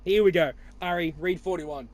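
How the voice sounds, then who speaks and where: A man's voice: high-pitched, moderate pace. A young Australian man hosting a podcast, chatting casually with friends in a rambling, teasing way full of swearing. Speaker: podcast host. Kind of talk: casual chat.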